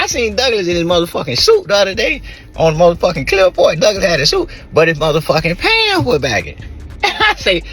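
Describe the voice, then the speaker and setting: A man's voice: very high voice, pushed and bright. A man in a played clip, ranting and laughing, swearing in nearly every line. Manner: laughs between lines, swears constantly. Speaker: rapper speaking in a clip. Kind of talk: laughing profane rant to camera.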